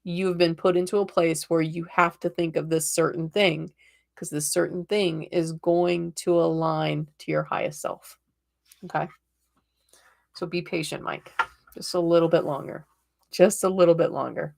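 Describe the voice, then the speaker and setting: A woman with a slightly low voice gives tarot readings on a live stream. She talks in a chatty, reassuring way and keeps checking in with her listeners. She laughs easily between thoughts. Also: measured pace, creaky. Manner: laughs often.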